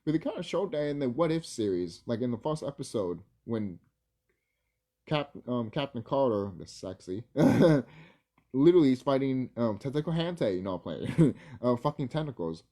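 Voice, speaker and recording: Guy rambling in a vlog, warm mellow voice, real animated, swears a lot and stumbles on words. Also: mid-range voice, moderate pace. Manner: rambling, profane, laughs easily, stumbles over words. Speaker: video creator.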